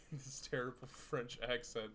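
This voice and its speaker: A man co-hosting a casual podcast, laughing often and pausing with fillers while he reads out sources. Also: mid-range voice, steady tone, a crowd in the background. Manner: laughing, full of fillers, crude jokes. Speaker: podcast co-host.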